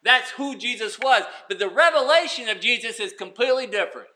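Male pastor mid-sermon, high pitch, very bright sharp tone, loud-to-hushed dynamics. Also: lively intonation, brisk. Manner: preaching with swings from loud to hushed.

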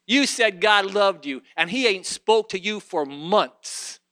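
A man's voice: high-pitched, animated, slow, bright, forceful tone. A man preaching a sermon, reading scripture aloud and driving his points with rising intensity. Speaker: pastor.

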